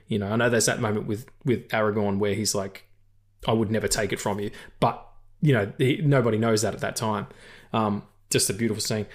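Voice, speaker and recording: A man hosting a podcast, talking casually about films in an animated, rambling and profane way. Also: medium pitch. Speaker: podcast host. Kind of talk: casual film-discussion chat.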